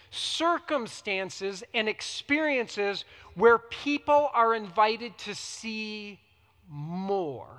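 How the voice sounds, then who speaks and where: A man preaching a sermon as pastor, swinging between hushed, quiet lines and emphatic, rising ones. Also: very high-pitched, long reverb tail.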